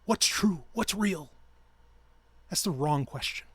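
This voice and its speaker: A man's voice: fairly high pitch, animated, slow pace, a bit bright, husky, no echo. A man hosting his own podcast, ranting in a heated, profane and sarcastic way. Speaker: podcast host. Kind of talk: ranting solo podcast talk.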